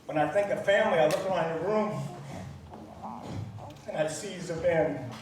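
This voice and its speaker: A middle-aged man speaking at a memorial gathering, reminiscing with frequent pauses and fillers. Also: on the high side, noisy background. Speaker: eulogy speaker. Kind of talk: memorial speech. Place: large room at a gathering. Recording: distant mic in echoey room.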